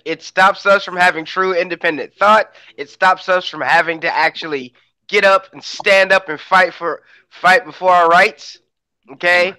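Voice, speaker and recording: A man's voice: sits high, fairly even intonation, moderate pace, bright, forceful tone. A man on a panel, answering emphatically, repeating points for force and swearing freely. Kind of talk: casual panel discussion.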